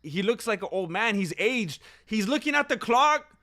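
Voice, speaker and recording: A man's voice: high voice, moderate pace. A young man giving casual live reaction commentary on a fight, opinionated and talking straight to his viewers. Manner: opinionated, talks to viewers, gets loud when excited. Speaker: fight watch-along commentator.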